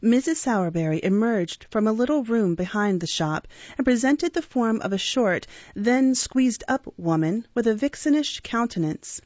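Woman narrator, audiobook of a classic novel, expressive measured reading, dull dry sound. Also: medium pitch, no echo.

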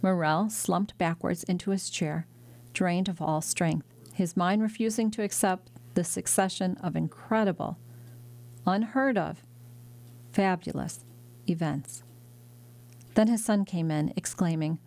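A woman narrates a classic novel as an audiobook. Her voice sits a little low. She reads in a measured, dramatic way. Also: gravelly, a little mellow. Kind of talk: scripted narration.

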